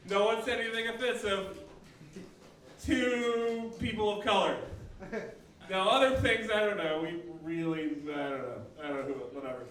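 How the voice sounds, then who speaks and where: A young male comedian rambles through a stand-up set, often laughing at his own jokes. His voice is high and bright. It bounces around a small coffeehouse, picked up from a distant mic. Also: normal speed, a little hiss or hum. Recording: echoey room, mic far off.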